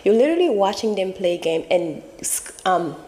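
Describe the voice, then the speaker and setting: A woman's voice: mid-range voice, sing-song, moderate pace, mellow, in a large hall. A woman hosting her channel, talking casually and emphatically in a rambling way while she is losing her voice. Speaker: channel host. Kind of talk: casual commentary.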